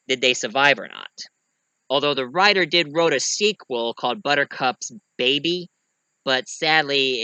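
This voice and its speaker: A man's voice: medium pitch, bright, forceful tone, clear, resonant tone, no echo, poor audio. A man giving a casual, rambling movie review, full of fillers and restarts, who keeps acting out lines.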